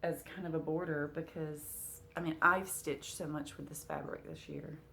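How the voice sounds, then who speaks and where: A woman with a low voice chats casually to her camera at home, her talk full of fillers. She has the hiccups now and then. Faint noise hums under the recording. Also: fairly even intonation, normal speed, sharp tone. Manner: chatty, with frequent fillers. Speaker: cross-stitch vlogger.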